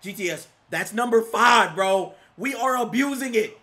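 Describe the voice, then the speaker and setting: A young man giving excitable live commentary while playing a video game, often yelling at the screen. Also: sits high, moderate pace. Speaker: gaming YouTuber.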